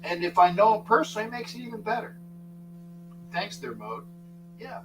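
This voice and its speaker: A man's voice: high-pitched, very animated, brisk. An older man hosting a live sports talk stream, chatting casually and greeting viewers by name in a rambling way. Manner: rambling, shouts out viewers by name, frequent restarts. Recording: distant mic with faint mains hum.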